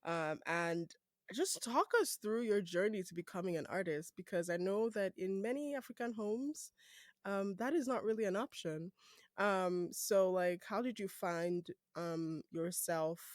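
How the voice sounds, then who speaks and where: A man from Nigeria hosting a casual interview podcast, playful and quick to laugh as he asks questions. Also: high-pitched, dry recording, clean studio sound. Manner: laughs often, animated and playful. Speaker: podcast host.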